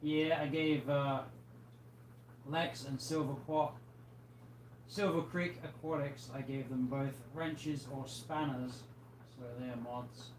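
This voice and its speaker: A man's voice: mid-range voice, takes it slowly. Tired man hosting a chatty livestream, mid-range voice, recorded in a roomy space with light background noise. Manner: relaxed, chatty, reads out viewer comments. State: tired, yawning. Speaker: livestream host. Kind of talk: casual chat with viewers. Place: home room with fish tanks. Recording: echoey room, faint background noise.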